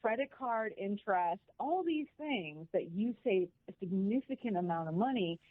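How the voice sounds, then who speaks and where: An animated woman tells her story with plenty of emphasis, a guest on a radio show. She comes through a tinny phone line with a dry, close sound and no room around her. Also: medium pitch, moderate pace, no room sound. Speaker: guest, financial educator. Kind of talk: radio interview.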